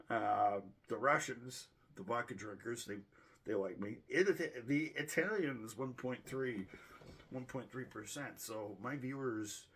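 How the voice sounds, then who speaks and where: Husky rambling Boston man. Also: medium pitch, fairly bright tone. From Boston, United States. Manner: rambling, self-correcting, joking. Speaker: channel host. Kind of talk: casual year-end stats review.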